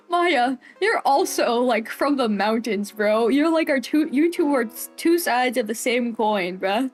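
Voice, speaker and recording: A young woman streamer chatting casually with viewers, full of giggles and slang. Her voice sits high and moves a lot, with faint background music. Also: expressive, takes it slowly. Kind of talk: casual gaming stream chat.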